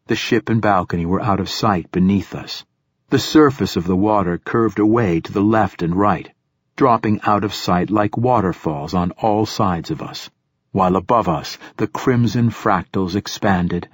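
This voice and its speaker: A man narrating a first-person science fiction audiobook in a measured, even way. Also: on the low side, breathy edge, no room sound, studio quality.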